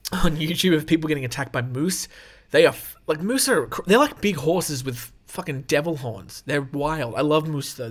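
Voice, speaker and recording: Swearing, laughing podcast host. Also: male voice, a little high. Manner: swears freely, laughs mid-sentence, off-the-cuff asides. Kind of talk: casual podcast chat reading notes.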